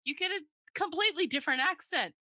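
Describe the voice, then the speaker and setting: A woman hosting a casual online talk show, chatty and quick to laugh, often trailing off mid-thought. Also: very high-pitched, expressive, sharp tone, no echo, clean studio sound. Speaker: podcast host. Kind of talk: casual chat. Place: lived in the UK.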